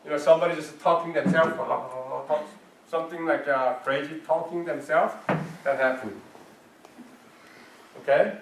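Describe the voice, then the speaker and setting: A man's voice: fairly high pitch, steady tone, measured pace, gravelly, pauses often, slight background noise. A man, a martial arts grandmaster, teaching a health class in broken, emphatic English, asking questions and answering them himself. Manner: emphatic, non-native phrasing, asks and answers his own questions. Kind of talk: class instruction. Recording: roomy sound from a distant mic.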